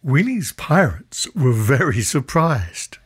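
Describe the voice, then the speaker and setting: Husky low-voiced woman reading a storybook. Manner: expressive, slow storytelling. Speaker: narrator.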